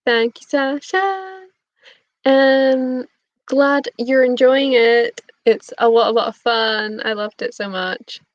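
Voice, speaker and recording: A young booktube streamer chats casually on a live stream, bubbly and giggly as she responds to her chat. Her voice is a little high and slow-paced, captured without echo in dull, lo-fi stream audio.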